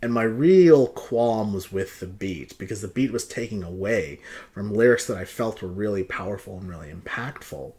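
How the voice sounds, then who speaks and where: A man's voice: fairly low pitch, big pitch swings, moderate pace, dark tone. A man hosting a casual video, picking apart song lyrics in an exasperated, sarcastic rant and repeating his points for emphasis. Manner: emphatic repetition. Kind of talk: casual vlog commentary.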